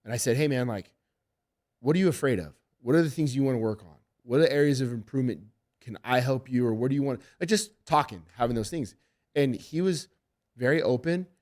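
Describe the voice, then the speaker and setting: In a relaxed podcast interview, a middle-aged fight coach talks briskly in a medium-pitched voice. He's an MMA head coach, and his stories come out animated and laced with plenty of swearing.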